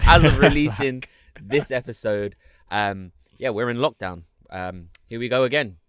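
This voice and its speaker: A man's voice: medium pitch, moderate pace, a bit bright, clear, resonant tone, no echo, clean studio sound. A young man co-hosting a podcast over a video call, chatting casually and joking, full of slang and restarts. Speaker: podcast co-host. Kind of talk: casual chat.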